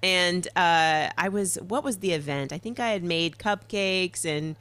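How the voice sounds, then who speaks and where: A woman in her thirties, a podcast guest, telling a story in casual chat with animated, laughing delivery. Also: on the low side, measured pace, smooth.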